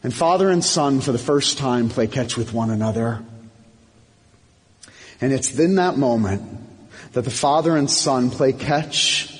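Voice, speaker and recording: A man's voice: a little slow, pauses often. A man preaching a sermon as pastor, impassioned and building in emphatic runs. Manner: impassioned, swelling louder and higher in emphatic runs. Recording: long hall reverb.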